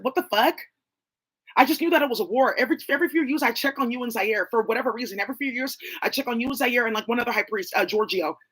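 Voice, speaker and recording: Woman, husky voice, rapid delivery, casual rambling monologue, profane, scattershot. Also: on the high side. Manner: rambling, profane, jumping between names and claims.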